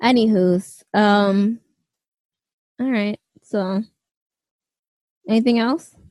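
A woman's voice: medium pitch, drawn-out words, a little mellow, no echo. A young woman co-hosting a podcast in casual chat, loose and talkative, full of "like" and "um". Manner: loose and chatty, lots of "like" and "um". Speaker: podcast co-host.

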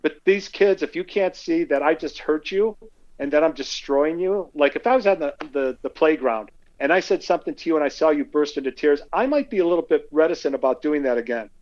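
Animated storytelling man on a dull line. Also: on the high side, fairly quick. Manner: animated anecdotes, acts out quotes. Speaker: guest speaker. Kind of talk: conversational storytelling.

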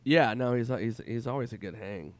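A comedian guest telling stories in casual chat, acting out other people's lines in raised voices and swearing freely. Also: male voice, mid-range voice, normal speed. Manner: animated, acts out quotes in raised voices. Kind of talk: casual storytelling.

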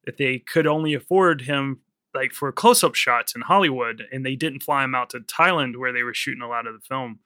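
Clean studio audio with no room sound captures a film-podcast co-host speaking fairly quickly. His medium-pitched voice has a sharp tone as he laughs a lot, curses casually and trades production trivia from behind the scenes.

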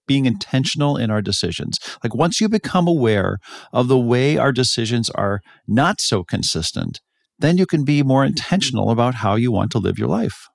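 A man's voice: mid-range voice, gravelly, no echo, clean studio sound. A man co-hosting a podcast, explaining ideas thoughtfully in a casual chat, often restarting his phrases. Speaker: podcast co-host.

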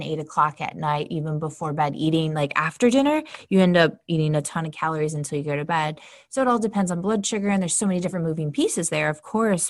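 A woman's voice: lowish voice, dry recording, clean studio sound. A woman hosting a podcast as a health coach, talking in a candid, chatty way with the odd swear word. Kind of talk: casual solo podcast talk.

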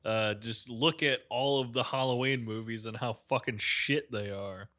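A man's voice: medium pitch, steady tone, normal speed, pushed and bright. A man co-hosting a podcast, trading teasing, profane banter in casual chat. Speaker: podcast co-host.

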